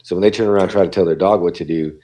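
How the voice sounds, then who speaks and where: A man's voice: low voice, steady tone, racing, warm tone. A man, a dog behaviorist, talking casually on a podcast and acting out what dogs and people say.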